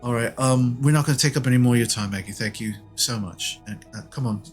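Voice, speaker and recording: A man voicing a hushed, gentle adventurer woman. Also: medium pitch, fast talker, faint music behind, close to an everyday voice.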